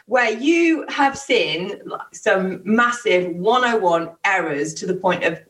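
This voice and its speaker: A woman's voice: medium pitch, expressive, slow, a bit bright. A woman co-hosting a podcast, teasing and giggly as she reads out news. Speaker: podcast co-host. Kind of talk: casual banter reading news.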